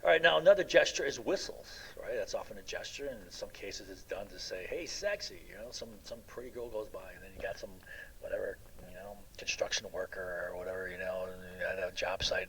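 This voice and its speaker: A man's voice: deep voice, a little fast, fairly bright tone, slight background noise, rough recording. A middle-aged man giving an informal classroom lecture, rambling through anecdotes with many fillers and a constant "right?". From United States. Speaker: college lecturer.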